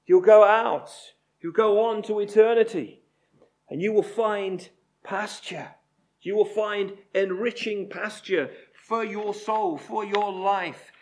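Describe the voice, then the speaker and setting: A male preacher delivers a sermon in a fairly high voice. He speaks slowly and deliberately and presses hard on repeated phrases. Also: a little mellow.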